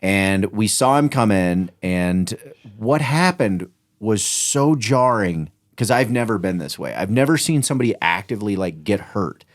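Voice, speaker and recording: A man with a fairly low voice, co-hosting a podcast. He retells events emphatically and with animation, cutting in with quick corrections. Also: lively intonation. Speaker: podcast host. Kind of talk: casual chat.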